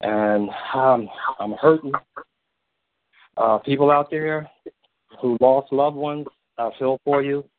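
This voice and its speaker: A man calling in to a radio show, holding back tears as he speaks with slow, halting, heartfelt pauses. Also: mid-range voice, steady tone. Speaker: caller. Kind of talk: emotional tribute on a call-in show. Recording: dry, tinny phone line.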